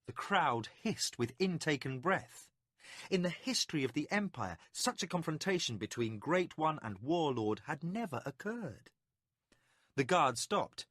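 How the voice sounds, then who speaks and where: A man reading a fantasy audiobook as scripted narration, dramatic and expressive. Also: on the high side, no room sound, studio quality.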